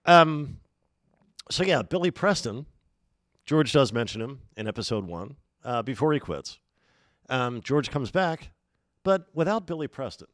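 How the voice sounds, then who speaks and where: A man co-hosting a podcast, working through his points thoughtfully, hedging often and pausing on "uh" and "um". His pitch moves up and down a lot as he talks. The recording is dry, with no room sound. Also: very animated, a bit bright, no echo. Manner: thoughtful, hedging, many "uh" and "um" pauses. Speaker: podcast co-host. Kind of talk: casual chat.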